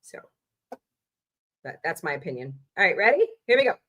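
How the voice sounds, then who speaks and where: A woman hosting a casual livestream from home, chatty and animated, reacting with quick outbursts. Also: lowish voice. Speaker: livestream host.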